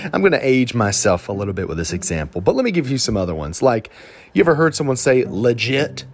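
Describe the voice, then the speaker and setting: A lead pastor with a Southern Alabama accent preaches a conversational sermon full of animated, slang-filled examples. He speaks at a medium pitch and a little fast, with slight background noise.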